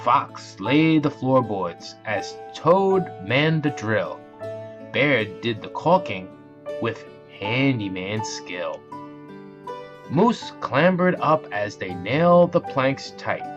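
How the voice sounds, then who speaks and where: A man reading a children's bedtime story aloud in a slow, expressive storybook manner. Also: mid-range voice. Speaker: narrator. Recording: dull lo-fi audio with music.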